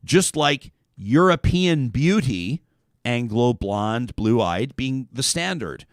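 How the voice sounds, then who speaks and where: Male talk host from Canada, lively pitch swings, dry close studio sound, conversational email segment. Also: slow, no room sound. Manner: animated, conversational, reads listener emails aloud. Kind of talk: radio talk show monologue.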